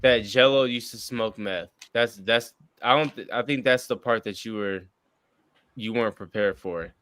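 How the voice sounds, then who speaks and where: A man's voice: medium pitch, moderate pace, fairly bright tone, dry recording. A man in his thirties chatting casually on a stream, blunt and crude, often talking over others. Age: 30s. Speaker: streamer in group chat. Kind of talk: casual chat.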